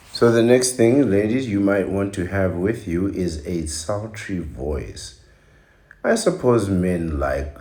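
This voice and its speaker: Male podcast host, dark mellow voice, slow mocking rant. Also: a bass voice, vocal fry, roomy sound. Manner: ranting, mocking, repetitive exclamations. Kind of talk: opinionated monologue.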